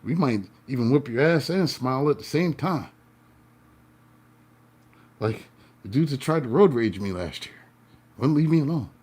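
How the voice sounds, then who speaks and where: A man, a tarot reader and life coach, telling a story to his viewers in a playful way, swinging between loud and hushed and laughing often. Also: mid-range voice, animated, normal speed, long pauses, slightly rough.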